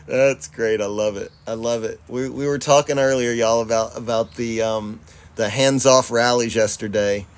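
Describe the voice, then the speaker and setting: A man's voice: mid-range voice, fairly even intonation, moderate pace, clear, resonant tone. A man hosting a livestream, casually reading viewer comments aloud, laughing easily and swearing freely. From Charlotte, North Carolina, US. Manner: laid-back, profane, laughs often, addresses audience as y'all. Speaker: livestream host.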